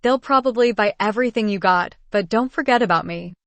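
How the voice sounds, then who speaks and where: A woman's voice: medium pitch, brisk, no echo, close to an everyday voice. A woman voicing a scruffy, gap-toothed male carnival game worker with a folksy Texan drawl.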